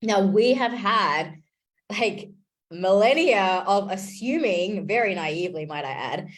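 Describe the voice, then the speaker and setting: A woman's voice: mid-range voice, lively intonation, takes it slowly. A woman in her thirties giving a casual, chatty life update to camera, enthusiastic and often restarting her sentences. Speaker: vlogger and interviewer.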